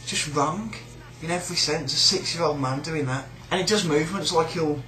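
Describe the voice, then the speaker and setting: A man's voice: a little high, a little fast, sharp tone, reverberant, soft background music, rough recording. A man with a British accent ranting in a sneering, rambling, sweary way about a coworker. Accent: British English. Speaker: shop worker. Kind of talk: casual rant.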